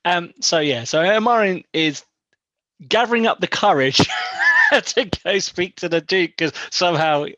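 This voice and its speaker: A man's voice: high voice, wildly swooping pitch, measured pace, pushed and bright, no room sound, lo-fi sound. A man playing a tabletop game, moving between polite in-character speech and casual chat. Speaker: player.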